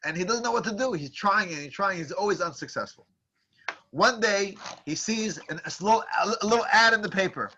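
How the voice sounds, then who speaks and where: A man teaching a class, telling a parable in a lively, animated way with frequent restarts. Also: high voice, a little fast, highs cut off. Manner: animated storyteller with many restarts. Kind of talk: storytelling lecture.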